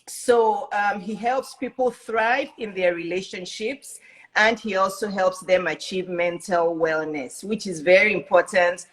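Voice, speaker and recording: Woman hosting a live show from home, cough drop in her mouth, keeps saying welcome welcome, middle pitch. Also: unhurried, rough recording. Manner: warm and repetitive, greets and welcomes over and over. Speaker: host.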